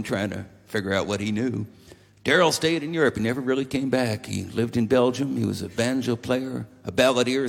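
Gravelly older man telling stage stories. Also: medium pitch. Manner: rambling, wry, chuckling. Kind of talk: live stage storytelling between songs. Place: live concert venue. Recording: long reverb of a concert hall.

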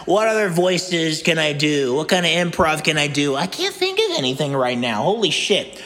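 A woman's voice: sits low, very animated, normal speed, fairly bright tone. A woman delivering a chaotic comedic monologue, manic, profane and giggling, recorded with a long reverb. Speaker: comedy musician.

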